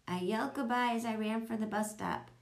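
A woman narrating a children's audiobook, telling it in a lively storytelling manner. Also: fairly quick. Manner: lively storytelling, voicing children in higher tones.

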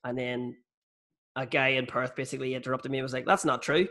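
Fast-talking Irish man telling stories. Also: medium pitch, monotone, vocal fry, pushed and bright. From Ireland. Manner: quick, profane storytelling. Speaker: stand-up comedian. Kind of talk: casual podcast chat.

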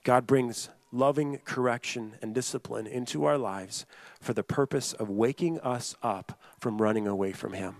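A man's voice: medium pitch, normal speed, no echo. A man preaching a sermon, earnest and repetitive, often restating a point and speaking straight to the listeners. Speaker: pastor.

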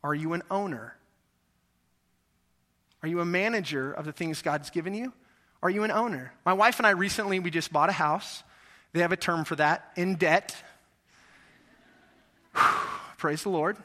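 A man preaching a sermon in a church, animated, acting out voices and asking his listeners questions. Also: sits high, moderate pace, long pauses. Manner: animated, acts out voices, asks the audience questions. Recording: echoey hall reverb.

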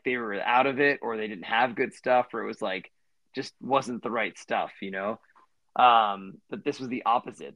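A man's voice: lowish voice, fairly bright tone, no room sound. A man in his thirties co-hosting a podcast, telling a long story in a rambling way with lots of fillers and restarts. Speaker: podcast co-host. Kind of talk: casual storytelling chat.

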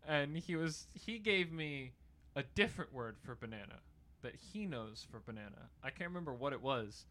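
A man's voice: mid-range voice, expressive, moderate pace, sharp tone. A young man in casual chat, joking around in a goofy way and laughing often.

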